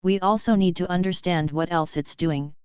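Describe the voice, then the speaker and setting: A woman's voice: fairly low pitch, fairly even intonation, normal speed, a little mellow, clean tone, no echo, lo-fi sound, lightly acted. A woman reading the lines of an analytical young male gangster in a storybook audiobook, thoughtful and precise.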